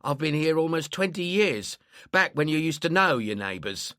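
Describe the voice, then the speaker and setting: A man's voice: fairly high pitch, sing-song, moderate pace, bright, forceful tone, no echo, clean studio sound, voice pushed up. Man putting on a suspicious South London woman. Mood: defensive.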